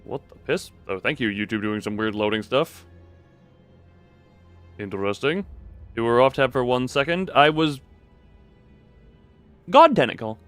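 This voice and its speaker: A man live-streaming a story game, chatting animatedly with frequent laughs and reading the game's text aloud in a lowered, dramatic tone. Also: animated, a little slow, long pauses, clean tone, faint music behind.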